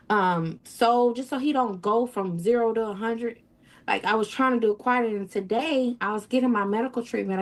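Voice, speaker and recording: A woman telling her own story as an interview guest, often quoting others and swinging her voice up and down. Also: mid-range voice. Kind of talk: emotional first-person account.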